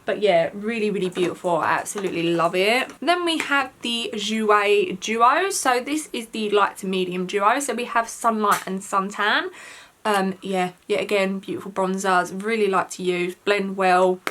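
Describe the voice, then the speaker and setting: A woman with a bright, ringing voice chats casually through a product review. She gushes freely and keeps her talk loose with lots of "like" and "um". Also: medium pitch, moderate pace, a little hiss or hum. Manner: gushing, chatty, full of "like" and "um". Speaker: beauty vlogger.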